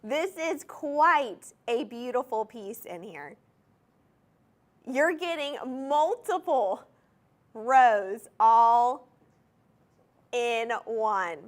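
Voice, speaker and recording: Enthusiastic woman shopping host, bright higher voice with a wildly lively pitch, live TV sales pitch. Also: drawn-out words, pauses often. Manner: gushing, enthusiastic, talks straight to viewers. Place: TV studio.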